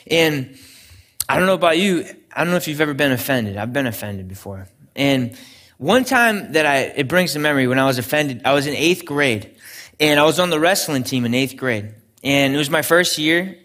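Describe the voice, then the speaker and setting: Earnest young pastor telling a story. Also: male voice, mid-range voice, fairly bright tone. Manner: earnest storytelling, frequent restarts. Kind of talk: sermon.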